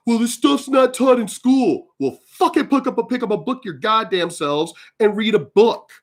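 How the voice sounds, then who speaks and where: A man's voice: high voice, moderate pace, few pauses. A man in his fifties ranting in a commentary vlog, blunt, profane and combative as he tells his stories. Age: 50s. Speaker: video commentator.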